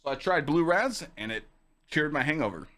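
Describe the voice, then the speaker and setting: A young man hosting a casual podcast stream, telling stories to chat in a lively, swearing, animated way. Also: a little high, moderate pace. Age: young adult. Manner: animated, swearing, acts out quoted lines in a raised voice. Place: home streaming room with dog on lap.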